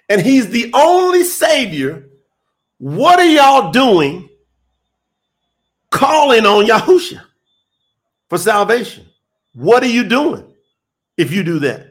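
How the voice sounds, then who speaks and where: A man delivering an emphatic sermon, his voice riding high and swinging widely in pitch. He takes his time, drawing out phrases and addressing listeners directly as he builds his case. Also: fairly bright tone. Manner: emphatic, call-and-response preaching to online listeners. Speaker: preacher. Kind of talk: live-streamed sermon.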